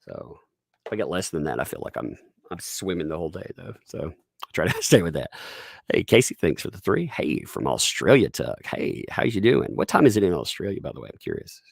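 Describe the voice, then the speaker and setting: A man's voice: sits low, big pitch swings, a little fast, gravelly, slightly rough, no room sound, clean studio sound. A man with a Southern US accent, chatting casually on a live stream, rambling with restarts and frequent chuckles as he reads viewer tips.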